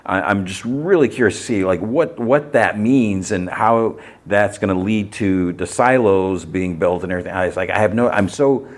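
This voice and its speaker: A man's voice: fairly low pitch, normal speed, few pauses. A man hosting a podcast, recapping TV episodes in a casual, rambling way with many fillers. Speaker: podcast host.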